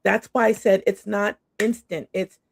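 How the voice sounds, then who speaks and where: Bubbly woman with a gravelly edge. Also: mid-range voice, steady tone, normal speed, no echo, studio quality. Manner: bubbly, says "like" and "awesome" a lot. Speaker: guest coach. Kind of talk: casual interview chat.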